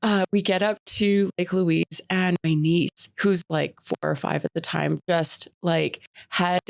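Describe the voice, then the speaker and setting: A woman, telling a travel story on a podcast with animated energy and frequent laughter. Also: fairly low pitch, measured pace, creaky, dry recording. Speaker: podcast co-host. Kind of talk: casual chat.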